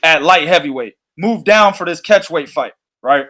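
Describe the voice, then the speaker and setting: Animated, profane man ranting on a podcast. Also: on the high side, moderate pace. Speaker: boxing podcast host. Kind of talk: casual podcast chat.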